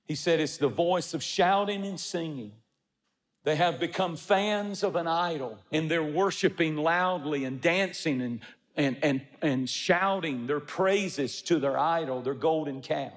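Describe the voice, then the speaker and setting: High-voiced preacher in a big hall. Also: male voice, unhurried. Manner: impassioned preaching, repetitive emphatic rhythm. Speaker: pastor. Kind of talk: sermon.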